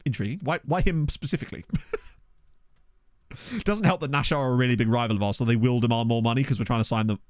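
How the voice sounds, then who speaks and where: A man's voice: medium pitch, brisk, pauses often, no echo, clean studio sound. A man live-streaming a management game, chatting casually, thinking aloud and swearing now and then. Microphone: desk condenser microphone.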